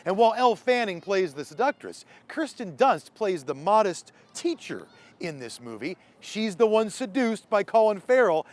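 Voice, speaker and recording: A man's voice: sits high, sing-song, moderate pace, dry recording. A man hosting an entertainment show, presenting in an upbeat, showy scripted style. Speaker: host.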